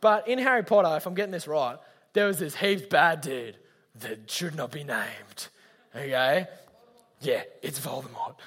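A man's voice: on the high side, measured pace, a bit bright. A young man giving a chatty, slangy youth talk, speaking straight to his listeners. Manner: chatty, slangy, addresses audience directly. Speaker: youth leader. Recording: long hall reverb.

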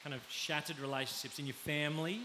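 A man with an Australian accent preaching a conversational sermon, often pausing to check in with his listeners. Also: a little high, fairly even intonation, pushed and bright. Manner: conversational, pauses to ask the audience. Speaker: pastor. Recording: faint background hiss.

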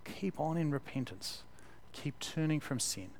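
A man giving a sermon in a relaxed, conversational way, with fillers, repeated words and emphatic stresses. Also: fairly high pitch, a little slow, slight background noise. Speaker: preacher.

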